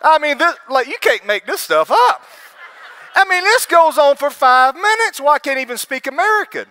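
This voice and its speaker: High, animated man preaching. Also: moderate pace. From Alabama. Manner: animated storytelling, acts out quoted voices, laughs often. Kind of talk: testimony sermon at a conference. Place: conference hall with live audience.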